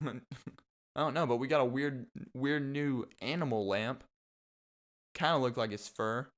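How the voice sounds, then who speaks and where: Young male podcast host, mid-range pitch and smooth tone, sarcastic rambling monologue with frequent laughs. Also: unhurried. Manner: sarcastic, laughs often, mocking asides.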